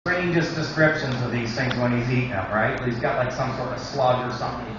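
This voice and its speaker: A man's voice: mid-range voice, brisk, very echoey, far from the mic, muffled recording, background noise. A man doing a stand-up comedy routine, saying "you know" often, recorded from afar in a small club. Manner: says "you know" a lot.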